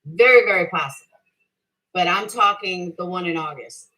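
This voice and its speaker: A woman's voice: fairly low pitch, moderate pace, sharp tone, poor audio. A middle-aged woman hosting a livestream, combatively ranting at her chat with heavy swearing, defending herself and repeating her point. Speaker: livestream host answering chat. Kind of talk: heated casual rant.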